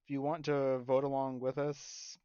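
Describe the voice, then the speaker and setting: A man's voice: medium pitch, monotone, normal speed, mellow, clean tone, no room sound. A man co-hosting a casual podcast chat, rambling and laughing often. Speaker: podcast co-host. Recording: dull lo-fi mic.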